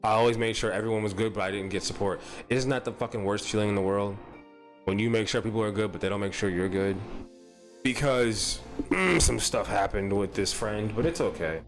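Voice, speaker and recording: A man's voice: lowish voice, a little fast, faint music behind. A young man telling a rambling, profane story on a live stream, repeating himself as he goes. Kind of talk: casual storytelling.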